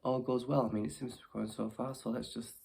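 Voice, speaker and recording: A woman, performing as a ventriloquist who gently teases her puppet and often stumbles over her words. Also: extremely low pitch, steady tone, quick pace, gravelly, slight background noise. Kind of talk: ventriloquist comedy act, talking to a puppet.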